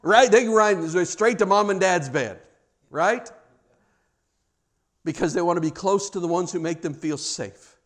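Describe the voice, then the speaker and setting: A man preaching a sermon, dramatic in delivery, rising to loud emphasis and dropping to a hushed near-whisper, with humorous asides. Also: high voice, unhurried, pauses often. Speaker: pastor.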